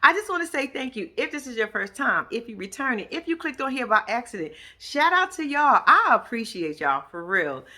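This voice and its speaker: Woman vlogger, slightly high and bright, blunt and profane reality-TV recap. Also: a little fast, few pauses. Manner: blunt, profane, animated storytelling. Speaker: YouTube reaction vlogger.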